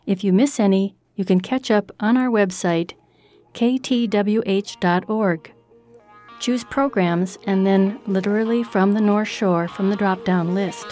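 A woman reading a formal radio announcement in a clear manner. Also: medium pitch, unhurried, darkish tone, faint music behind. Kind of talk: scripted station announcement.

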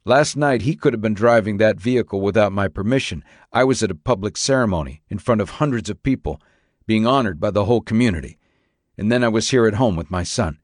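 A man's voice: fairly low pitch, fairly quick, no echo, studio quality, natural voice. A man playing an accused father who insists on his innocence in an earnest, pleading way. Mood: protesting. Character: accused middle-aged father, earnest and indignant.

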